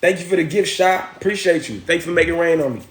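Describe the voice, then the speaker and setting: Talking rapid-fire with a fairly high pitch, a livestream host spins a casual story in slang and stops to greet and thank viewers. Background noise and a roomy echo are audible.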